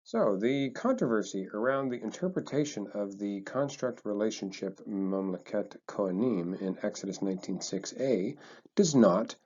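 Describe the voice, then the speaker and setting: Low-voiced man teaching casually. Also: normal speed, muffled recording. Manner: relaxed, chatty, thinks aloud with fillers. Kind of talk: casual explanatory lesson.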